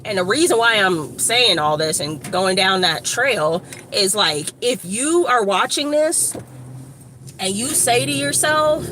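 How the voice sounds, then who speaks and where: A woman from Evanston, Illinois, giving a casual, rambling motivational talk to her phone camera outdoors, slangy and animated with lots of asides. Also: medium pitch, slow. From Evanston, Illinois, USA. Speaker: motivational vlogger. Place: outdoors by a street with shops. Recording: outdoor traffic noise.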